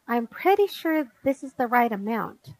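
A woman's voice: fairly high pitch, sing-song, measured pace, rough recording. A woman voicing a patient, apologetic father in a storybook reading. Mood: mild. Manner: mild, apologetic.

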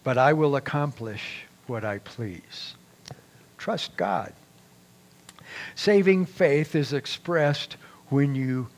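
A man preaching a sermon as pastor, reading scripture aloud with raised emphasis in a deliberate, measured way. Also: on the high side.

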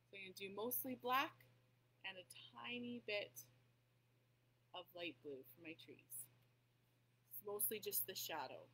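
A woman's voice: medium pitch, bright, forceful tone, slight background noise, poor audio. A woman hosting a casual craft tutorial at her table, chatting as she paints and often apologizing for her slips. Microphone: table mic that cuts out.

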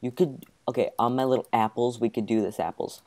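A young man hosting a gaming video, chatting casually and excitably over gameplay with frequent exclamations. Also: mid-range voice, a little fast. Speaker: gaming channel host.

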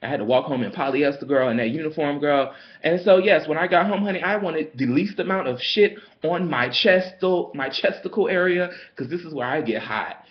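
Sassy guy ranting storytime style, kinda high voice, dull lo-fi sound. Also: brisk. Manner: sassy, dramatic, peppered with "girl" and "honey". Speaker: vlogger. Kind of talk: casual storytime rant.

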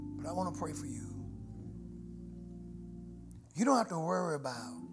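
A middle-aged man preaching from the pulpit, his voice a touch high for a man. He swings from hushed, prayerful murmurs to ringing shouts. Organ music plays clearly under him in a live church recording. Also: big pitch swings, moderate pace. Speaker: pastor. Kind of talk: sermon. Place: church sanctuary. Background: musical instruments.

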